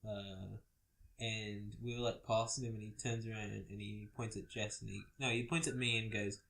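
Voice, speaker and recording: A man's voice: lowish voice, level tone, creaky, fairly bright tone. A man co-hosting a casual chat, telling an easygoing story and laughing along. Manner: easygoing anecdote teller, quick to laugh. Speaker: co-host.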